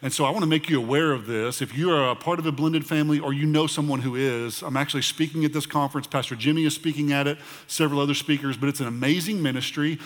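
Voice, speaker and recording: A middle-aged pastor whose voice is on the high side rattles off church announcements quickly, with few pauses. He restarts sentences and uses fillers often, and the long reverb of a large church auditorium is audible.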